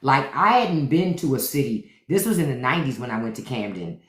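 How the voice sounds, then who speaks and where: A middle-aged woman from Washington, DC, hosting a casual livestream and telling profane, animated stories. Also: very deep voice, brisk. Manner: animated, profane storytelling with acted-out quotes. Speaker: podcast host on a live stream. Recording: roomy echo.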